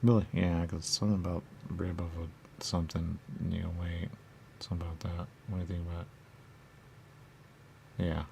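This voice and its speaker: A man's voice: low voice, little pitch movement, brisk, vocal fry, pauses often, darkish tone, a little hiss or hum. A man as a radio host, delivering a rambling comic monologue and asking and answering his own questions in repetitive loops. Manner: rambling and silly.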